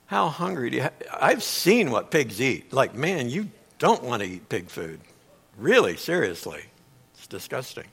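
A middle-aged man preaching a sermon, telling a Bible story with animated delivery and big swings between loud and quiet. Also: medium pitch, a little slow, husky. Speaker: pastor.

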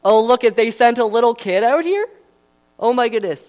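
A man voicing a huge mocking giant warrior, loud and scoffing, in a sermon retelling. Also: very high-pitched, lively intonation, normal speed, voice pushed up.

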